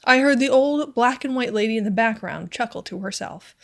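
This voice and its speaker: A woman narrating a classic short story as an audiobook reader, in a measured, clear storytelling manner. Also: on the high side. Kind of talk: scripted narration.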